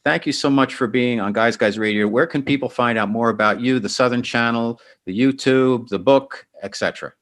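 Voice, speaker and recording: A man's voice: medium pitch, a little fast, few pauses, a bit bright. A male radio host in mid range, wrapping up a casual interview. He reacts briefly and laughs along with his guest.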